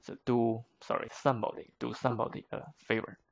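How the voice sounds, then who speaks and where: A man's voice: medium pitch, flat delivery, fairly quick, gravelly. A man whose first language is Chinese, teaching vocabulary to learners in a patient, step-by-step way with frequent fillers.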